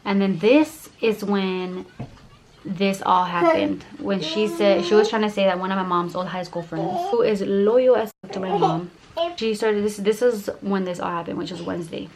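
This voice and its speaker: A woman's voice: medium pitch, moderate pace, a crowd in the background. A young woman telling a heated storytime vlog, profane and full of "like" fillers. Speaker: YouTuber.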